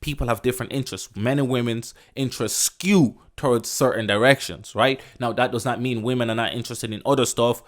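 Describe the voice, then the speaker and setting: A man's voice: medium pitch, fairly even intonation, fairly quick, hardly any pauses. Ranting podcast guy, swearing a lot. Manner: profane and emphatic, repeats "bro" and "you know what I'm saying"; loose, rambling, restarts sentences. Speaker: podcast host. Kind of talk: casual rant.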